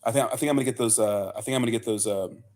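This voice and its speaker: Young male streamer, rambling, cussing, relaxed chat to viewers. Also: mid-range voice, rapid-fire. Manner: loose, profane, rambling with many fillers and "bro". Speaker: livestream host. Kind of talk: casual livestream chat reading viewer comments.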